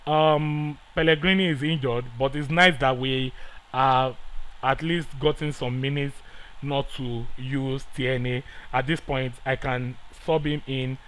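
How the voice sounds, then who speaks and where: A man giving excitable live commentary over a football management game, swinging between quiet muttering and loud pleading outbursts. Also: mid-range voice, a little slow, clean tone, low-quality recording. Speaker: gaming YouTuber.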